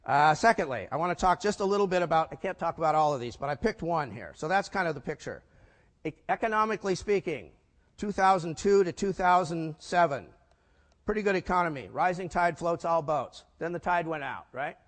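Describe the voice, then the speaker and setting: A man's voice: a little high, animated, brisk. An older man giving a punchy business conference talk, tossing rhetorical questions to the audience. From United States. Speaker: keynote speaker. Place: large conference hall. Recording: echoey hall.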